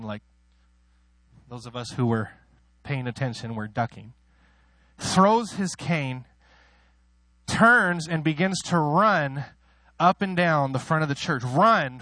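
A man preaching a sermon with a somewhat high voice, recorded close and dry with no room sound. He talks emotionally, dropping into quiet confessional asides and then rising into loud, soaring declarations. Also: no room sound. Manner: emotional, swings from soft asides to loud high-pitched exclaiming; laughs at himself between points.

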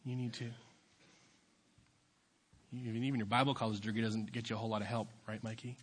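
A young man preaching as a youth pastor, dropping into quiet asides and then building to loud, fervent exhortation. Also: fairly low pitch, level tone, a little fast. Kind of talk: sermon.

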